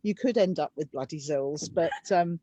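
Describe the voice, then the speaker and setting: A woman's voice: low-pitched, normal speed, mellow, no echo, lo-fi sound. A British woman, a dance teacher guesting on a live-stream chat, who talks in a chatty, self-deprecating way and laughs often.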